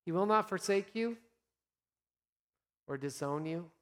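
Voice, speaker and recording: A man speaking as a pastor, giving an earnest, encouraging devotional talk for Lent with gentle pauses. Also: high voice, expressive, big-room sound.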